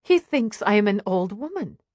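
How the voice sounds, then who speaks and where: A woman reading an audiobook in a hushed, grave first-person voice. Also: medium pitch, very animated, normal speed, no echo, studio quality. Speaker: audiobook narrator. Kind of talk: scripted audiobook narration.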